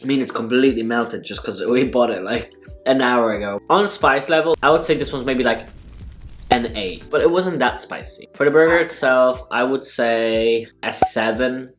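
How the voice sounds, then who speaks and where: A man's voice: mid-range voice, moderate pace, soft background music. A man hosting a casual eating vlog, talking through mouthfuls in a wry, sarcastic way. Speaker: food vlogger. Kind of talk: casual mukbang vlog talk.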